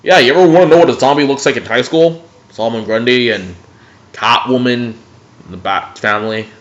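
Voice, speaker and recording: A young man ranting casually about TV cartoons in a dim room at home, animated and profane. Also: medium pitch, fairly quick. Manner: animated, profane, jumps between mocking impressions. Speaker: video blogger. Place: dimly lit room at home. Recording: dull, lo-fi home recording.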